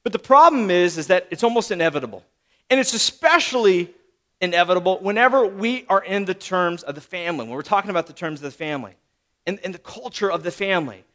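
A man's voice: sits high, lively intonation, fast, sharp tone. A man preaching a sermon in a chatty, conversational way. He keeps tagging on "right?" and acts out short bits of dialogue. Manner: conversational, acts out little voices, frequent "right?".

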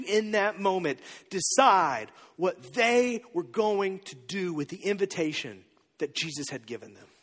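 Animated pastor preaching in a reverberant hall. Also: male voice, high-pitched. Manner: animated storytelling, acting out the disciples' voices. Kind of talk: sermon.

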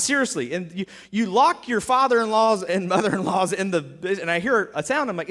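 A man's voice: high-pitched, animated, moderate pace, few pauses, fairly bright tone. A man giving a casual, joking sermon as pastor, acting out stories and quotes with many restarts.

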